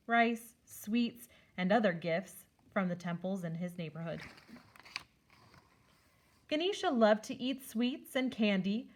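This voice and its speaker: Using a medium-pitched voice, a female school staff member brings a children's picture book to life with expressive, read-aloud storytelling.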